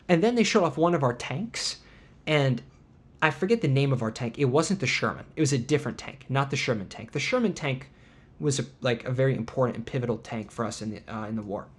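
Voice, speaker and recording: A man hosting a podcast, telling an indignant travel story in casual chat with sarcastic asides. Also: medium pitch. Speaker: podcast host.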